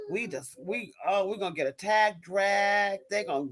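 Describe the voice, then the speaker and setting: A woman's voice: medium pitch, moderate pace, hardly any pauses, low-quality recording. A woman hosting a live stream and answering viewer chat, ranting with emphatic, repetitive restarts. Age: adult mother of young kids. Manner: emphatic, repetitive, stops and restarts mid-sentence. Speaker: livestream host reading viewer chat. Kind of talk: impassioned live-stream rant.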